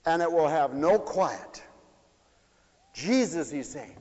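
A male preacher delivering an impassioned sermon, swinging between shouted appeals and quiet asides. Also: on the high side, big pitch swings, takes it slowly, pauses often, slightly rough. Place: church. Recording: dull recording in a reverberant church.

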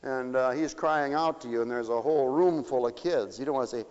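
A male preacher delivering an impassioned sermon, swinging between shouted appeals and quiet asides. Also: mid-range voice, a little fast, hardly any pauses, smooth. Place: church. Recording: dull recording in a reverberant church.

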